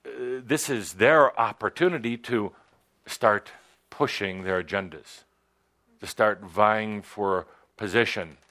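A lower-voiced man leads a spiritual workshop at an unhurried pace. He speaks in hesitant, broken phrases and pauses often as he searches for words. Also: a bit bright. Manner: halting, hesitant with many pauses and fillers. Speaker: workshop teacher. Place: studio with a live audience.

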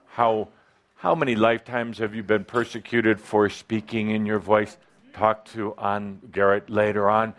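A man's voice: lowish voice, flat delivery, normal speed. A man leading a live workshop for an audience, speaking into a microphone in a playful, teasing, coaching way. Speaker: workshop leader. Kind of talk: live seminar talk to an audience. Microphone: handheld or clip-on microphone.

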